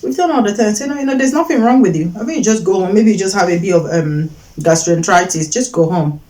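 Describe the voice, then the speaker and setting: A woman's voice: mid-range voice, lively intonation, quick pace, mellow, poor audio. A woman giving an earnest faith-based teaching talk, repeating her points for emphasis and acting out short quoted voices. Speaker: Christian teacher giving advice.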